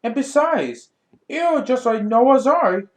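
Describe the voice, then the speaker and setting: A man doing a gentle apple friend. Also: very high-pitched, expressive, takes it slowly, full character voice. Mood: coaxing. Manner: gentle, coaxing, asks questions. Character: cheerful patient male apple friend. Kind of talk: hobby puppet story.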